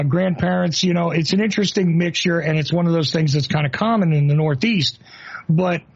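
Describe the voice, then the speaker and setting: A man's voice: on the high side, lo-fi sound. A man from New Jersey with a New Jersey accent, hosting an interview in a rambling, casual way full of fillers and restarts. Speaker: host.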